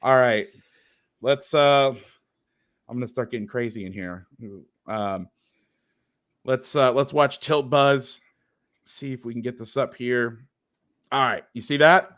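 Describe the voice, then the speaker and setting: Reviewing football film over a video call, a coach dissects every play with sarcasm and open exasperation. He talks at an ordinary pitch and measured pace, pausing often, in a slightly bright voice.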